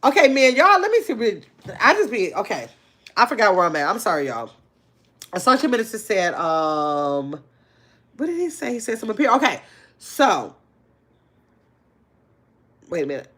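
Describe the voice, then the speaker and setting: An older woman hosting a casual livestream, talking earnestly in relaxed slang and reading viewer comments aloud. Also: mid-range voice, normal speed, long pauses. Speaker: livestream host.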